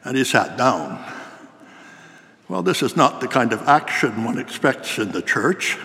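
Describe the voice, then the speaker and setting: An older man preaching a sermon in a cathedral, telling a story in a measured, formal way. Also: mid-range voice, big pitch swings, gravelly, bright, forceful tone. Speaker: priest. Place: large cathedral. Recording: long cathedral reverb.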